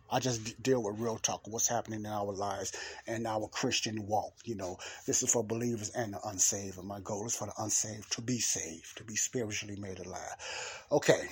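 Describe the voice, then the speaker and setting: A man with a low, somewhat husky voice preaches in a loose, conversational way. He circles back to the same phrases, stressing each point, and keeps checking in with his listeners. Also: fairly quick, a little mellow. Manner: repetitive, emphatic, says "okay?" and "you know" often. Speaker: Christian podcast host and preacher. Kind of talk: casual preaching talk.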